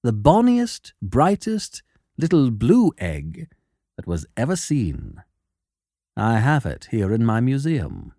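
A man voicing a cool, shrewd detective who speaks in a measured, quietly sardonic way in an audiobook. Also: mid-range voice, huge pitch swings, no room sound, studio quality, pitched below the performer's own voice, heavily acted. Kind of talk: audiobook character voice.

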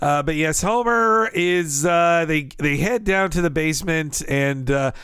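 Brief: man, casual podcast host, laughs a lot; smooth voice, dry close mic. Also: on the high side, unhurried, a bit bright, no room sound. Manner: chatty, laughing often. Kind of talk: casual chat.

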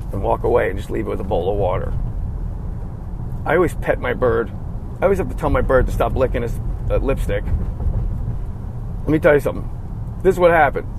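Profane animated man telling a story. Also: a little high, a little hiss or hum, low-quality recording. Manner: profane, animated, laughing at his own story. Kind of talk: casual comic monologue.

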